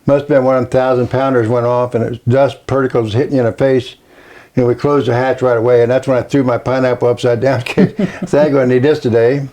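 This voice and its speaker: An older man with a Kentucky accent, a Navy veteran telling his story in a slow, plainspoken, halting way during an oral history interview. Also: mid-range voice, flat delivery, warm tone.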